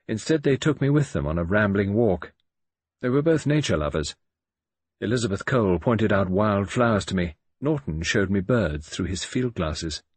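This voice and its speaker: A man's voice: on the low side, slightly rough, no echo. A man narrating an audiobook in the first person, reading dramatically and expressively.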